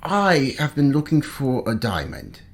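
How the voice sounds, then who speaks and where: A man's voice: mid-range voice, big pitch swings, measured pace. A man voicing a posh, fussy man who has lost a diamond heirloom, in a clumsy put-on posh accent and a theatrical, fretful way of talking.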